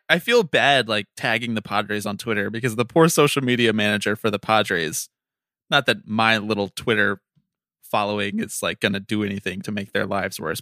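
A man co-hosting a casual sports chat, ranting in an animated way, swearing and laughing often. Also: medium pitch, no room sound, clean studio sound. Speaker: podcast co-host.

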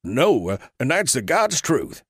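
A man's voice: mid-range voice, wildly swooping pitch, unhurried, breathy edge, no room sound, exaggerated voice. A man doing a glib young drifter. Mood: pleading. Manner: glib, folksy. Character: glib young male drifter gunman, falsely friendly. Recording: dry close recording.

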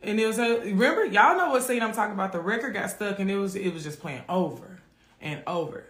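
A man's voice: high voice, expressive, fast, fairly bright tone, reverberant. A man from hosting a live faith podcast, chatting casually and often calling listeners "friend". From Memphis, USA. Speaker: podcast host.

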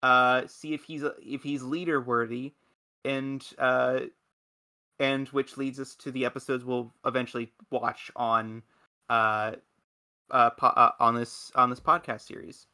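A man's voice: mid-range voice, level tone, unhurried, pushed and bright. A man in casual podcast chat, rambling and enthusiastic, with many restarts. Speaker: podcast host.

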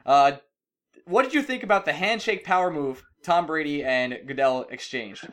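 A man in casual podcast banter, with a voice that sits a little high and swings widely in pitch. His delivery is playful and teasing, and he laughs readily. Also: lively intonation, normal speed, fairly bright tone. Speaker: podcast co-host.

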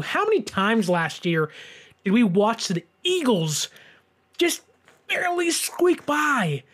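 Male sports host in his twenties, deliberate unhurried delivery, emphatic rant. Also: high-pitched, wildly swooping pitch, a bit bright. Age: 20s. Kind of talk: solo sports commentary.

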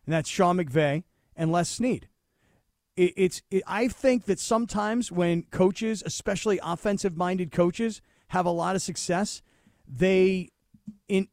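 A man co-hosting a sports talk show, making his points in a deliberate, thoughtful way with halting restarts. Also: high voice, a little mellow, no room sound, clean studio sound.

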